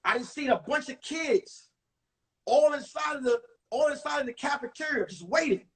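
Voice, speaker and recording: A comedian from New York doing a one-man show, telling comic stories and acting out the characters in an animated way. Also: very high voice, normal speed, far from the mic, low-quality recording. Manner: animated, acts out every character.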